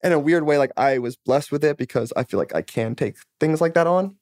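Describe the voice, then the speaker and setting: A man's voice: fairly high pitch, brisk, darkish tone, no room sound, clean studio sound. Candid, rambling man, in his thirties. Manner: candid and rambling, heavy on "like", swears freely. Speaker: musician guest. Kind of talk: casual podcast interview chat.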